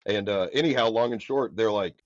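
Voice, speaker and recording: A man from the Midwest, a podcast guest, telling a story in a loud, energetic, casual way. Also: on the low side, brisk, no room sound. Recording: dull, dry podcast audio.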